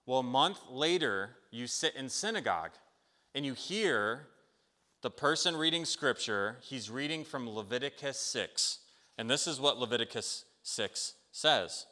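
Animated preacher man with a bright voice. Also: mid-range voice, measured pace. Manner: animated, conversational, keeps checking in with listeners. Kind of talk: sermon with storytelling. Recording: long hall reverb.

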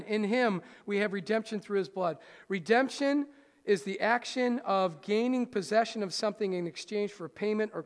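A man with a high voice preaches a sermon to his congregation. He swings from loud rousing lines to hushed soft ones and keeps asking his listeners questions. The hall rings with a long reverb. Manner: speaks straight to the congregation with questions. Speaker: pastor. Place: church hall.

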